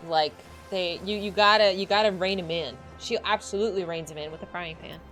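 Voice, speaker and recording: A woman streaming a game, chatting casually in a giggly, animated way. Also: on the low side, a little fast, soft background music.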